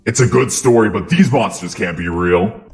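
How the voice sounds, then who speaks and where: A man's voice: lowish voice, normal speed, darkish tone, faint music behind, voice pushed down, lightly acted. A man voicing an earnest teen boy hero. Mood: defiant. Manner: earnest, defiant. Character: earnest, defiant teenage boy hero duelist.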